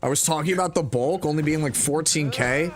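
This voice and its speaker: A young man hosting and casting a game tournament in a relaxed, friendly, slangy way. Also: fairly high pitch, brisk. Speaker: tournament host and caster. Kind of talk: live tournament game commentary.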